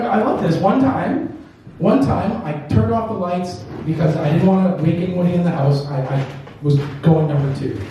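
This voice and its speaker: A man's voice: high-pitched, warm tone. A man performing a stand-up set, telling rambling, crude stories with loose punchlines. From Canada. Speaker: stand-up comedian. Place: comedy club stage. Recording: roomy venue, voice from a distance.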